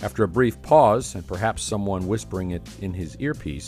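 A man's voice: on the low side, normal speed, a little mellow, soft background music. A man giving sarcastic political commentary in a scornful, mocking tone.

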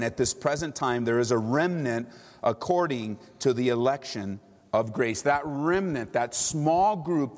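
A man preaching a sermon to his church, animated and full of rhetorical questions. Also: medium pitch, big-room sound. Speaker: pastor.

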